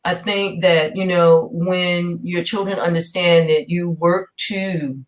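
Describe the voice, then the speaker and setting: A woman's voice: lowish voice, fairly even intonation, slow pace. A middle-aged woman from New York with Southern roots, a guest in a casual chat who tells stories emphatically and keeps asking "okay?". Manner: emphatic storyteller, rhetorical "okay?".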